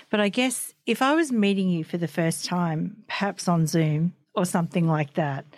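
Woman, interview host, chatty, low-ish voice, dry close sound. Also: darkish tone, no room sound. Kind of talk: conversational interview.

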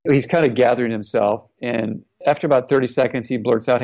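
A middle-aged man tells a personal story in an earnest, reflective way. His voice has a gravelly, creaky texture. The recording sounds a little dull and lo-fi. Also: medium pitch, fairly even intonation, brisk, few pauses, a little mellow. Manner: earnest, reflective, retelling quotes. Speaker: guest, former NFL player. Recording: slightly dull, lo-fi audio.

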